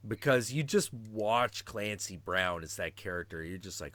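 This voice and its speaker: A man's voice: fairly low pitch, animated, normal speed, few pauses, fairly bright tone. A man in his forties hosting a stream in casual chat, talking animatedly and profanely and acting out quotes. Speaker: stream host.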